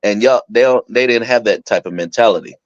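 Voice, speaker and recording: A young man chatting casually on a podcast, telling stories with lots of laughter and acting out quotes in a higher voice. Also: fairly quick, no echo, highs cut off. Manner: animated storyteller, acts out quotes in a higher voice, laughs often. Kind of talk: casual chat.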